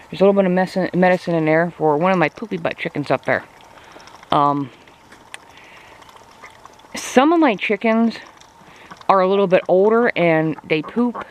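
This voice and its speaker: A man's voice: fairly high pitch, slight background noise. A man vlogging outdoors on his farm in cold weather, talking in a rambling, chatty way full of fillers. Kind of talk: casual walk-around vlog.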